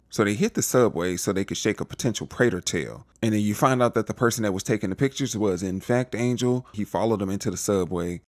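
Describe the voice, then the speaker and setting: Lively low-voiced man recapping a show. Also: no room sound, studio quality. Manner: animated, acts out quotes with playful slang. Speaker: recap vlogger. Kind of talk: casual episode recap.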